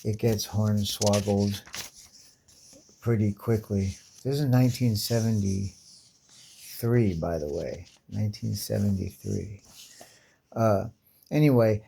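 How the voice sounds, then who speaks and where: Mellow-voiced man riffing on comics. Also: on the low side, vocal fry. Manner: profane, slangy, incredulous riffing. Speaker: comic book reviewer. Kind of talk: casual comic commentary.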